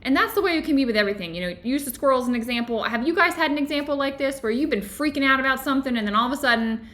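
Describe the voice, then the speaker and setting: A woman hosting a book club discussion, talking casually and telling stories in an animated, chatty way with lots of "like"s. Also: high voice, racing. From Florida, USA. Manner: chatty, animated storytelling with many "like"s.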